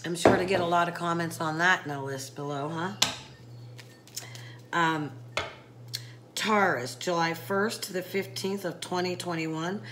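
A woman with a fairly low voice talks through a tarot reading in a relaxed, chatty way. She speaks directly to her viewers and fills the gaps with ums and you-knows. A faint ambient hum sits under the recording. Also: unhurried, pauses often. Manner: chatty, addresses viewer by sign, many fillers. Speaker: psychic tarot reader. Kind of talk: casual tarot reading to camera.

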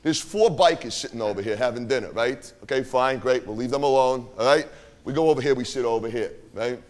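A man's voice: medium pitch, brisk, lightly acted. A man performing a swaggering, profane streetwise young guy on a live stage, telling a rowdy party story and forever asking "right?". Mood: boastful. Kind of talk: live stage character monologue. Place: theater stage.

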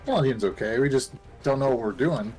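A man's voice: mid-range voice, brisk, a little mellow, soft background music. A man chatting casually as a teammate in a co-op game, matter-of-fact and dry.

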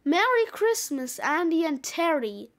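A woman voicing a crowd of jolly, booming male Santa clones who shout and squabble. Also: expressive, slow, exaggerated voice.

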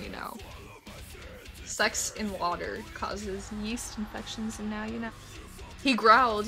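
Young female vlogger, bright and slightly high, reads aloud casually with sarcastic, giggly asides. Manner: giggly, sarcastic asides between read passages. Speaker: YouTuber reading fan fiction. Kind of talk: casual reading aloud with commentary.

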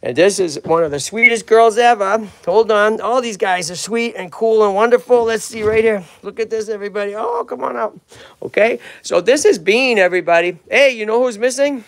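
Excitable Massachusetts man with a gravelly voice. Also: high voice, fairly quick. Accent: Boston-area Massachusetts. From Lowell, Massachusetts. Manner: chatty and excitable, addresses viewers and animals. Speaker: tortoise sanctuary host. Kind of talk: casual livestream talk. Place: outdoors at a tortoise yard. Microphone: handheld phone camera, filming himself.

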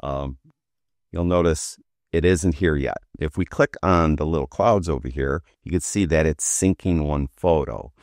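In a casual screen-recorded tutorial, a man with a very deep voice walks through a software feature, talking as he clicks and dropping relaxed fillers. The audio is studio quality with no room sound.

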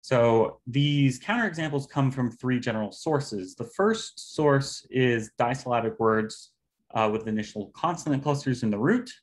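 A man giving an academic linguistics talk over a video call, explaining step by step with pauses and fillers. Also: mid-range voice, lively intonation. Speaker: linguistics presenter.

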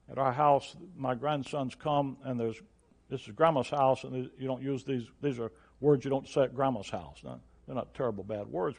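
An older man preaching an emphatic sermon as pastor, his delivery rising to loud, forceful peaks. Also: medium pitch, vocal fry.

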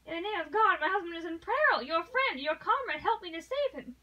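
A woman's voice: high-pitched, fast talker, pushed and bright, recorded from a distance, poor audio. A woman voicing a noble English lady who pleads with passion, read aloud from a novel. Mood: desperate. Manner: impassioned, pleading.

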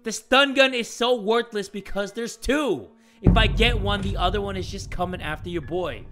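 A young man with a sore throat giving jumpy, joking commentary on a horror game, breaking into sudden shouts. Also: sits high, moderate pace, loud music behind the voice. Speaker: gaming channel host.

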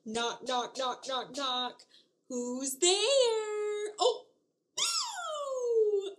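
A woman speech therapist teaching toddlers in an exaggerated sing-song voice, with slow, drawn-out words and frequent gasps. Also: high-pitched, sing-song, fairly bright tone, slight background noise. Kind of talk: toddler learning video.

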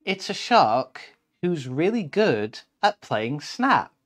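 A man voicing a bossy frog in a children's picture book read aloud, in a slow, loud, emphatic delivery with a lively rise and fall. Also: a little high, full character voice. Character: bossy male storybook frog.

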